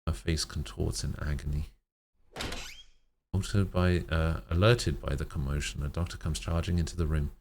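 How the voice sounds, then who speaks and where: A man streamer reading a sad story aloud in a slow, measured way, with occasional slips. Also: extremely low pitch, fairly even intonation, creaky, darkish tone, slight background noise.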